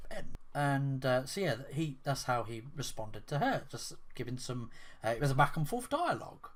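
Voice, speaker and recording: A man's voice: mid-range voice, big pitch swings, normal speed. A man giving casual spoken commentary on a gaming controversy, rambling and incredulous, with lots of fillers and restarts.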